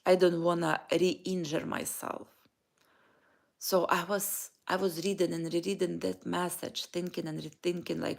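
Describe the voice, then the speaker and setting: Woman vlogging, very slow delivery, gravelly creaky voice, lowish pitch. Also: level tone. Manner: slow, halting, heartfelt, with pauses and restarts. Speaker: vlogger and life coach. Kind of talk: personal morning reflection vlog.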